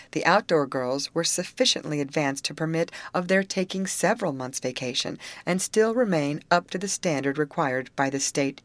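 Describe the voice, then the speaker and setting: A woman narrating a novel aloud in a clear, measured audiobook reading. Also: sits low, dry recording. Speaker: audiobook reader. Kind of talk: scripted narration.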